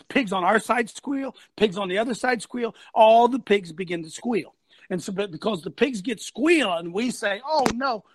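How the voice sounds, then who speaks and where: A man hosting a talk show, ranting loudly with preacher-like fire, shouting and laughing as he goes. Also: sits high, husky, no echo. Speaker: host.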